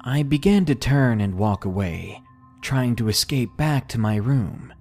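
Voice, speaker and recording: A man narrating a scary story in slow, expressive storytelling. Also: mid-range voice, faint music behind. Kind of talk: scripted horror story narration.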